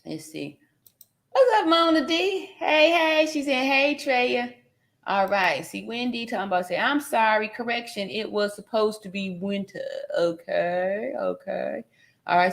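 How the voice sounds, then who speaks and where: A woman's voice: medium pitch, animated, unhurried, creaky. A woman nurse from California hosting a casual livestream, reading viewer comments aloud and laughing often. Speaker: livestream host reading chat.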